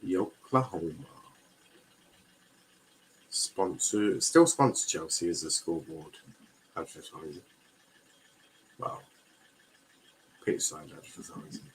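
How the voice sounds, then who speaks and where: Slow-talking young English man streaming football. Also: low-pitched, animated, slight background noise, rough recording. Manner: chatty, mock-outraged banter with chat, many restarts. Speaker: watchalong streamer. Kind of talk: casual live football watchalong commentary.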